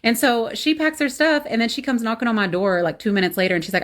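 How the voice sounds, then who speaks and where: Fast-talking sassy woman in her thirties. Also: on the high side. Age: 30s. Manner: blunt, sassy and exasperated, with sarcastic asides and laughs. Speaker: storyteller recounting a bad date. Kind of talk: casual storytime chat.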